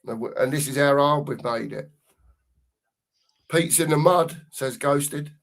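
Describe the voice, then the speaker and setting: Slow-talking man co-hosting a watchalong. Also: on the high side, gravelly. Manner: banter-filled, drawn-out emphasis on goal calls. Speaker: co-host of a live football watchalong. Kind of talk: casual live commentary and reading chat messages.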